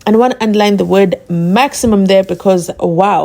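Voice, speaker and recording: Gravelly-voiced woman vlogger. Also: mid-range voice, normal speed. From South Africa. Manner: animated, rhetorical questions, laughs often. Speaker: channel host. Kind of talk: casual commentary vlog.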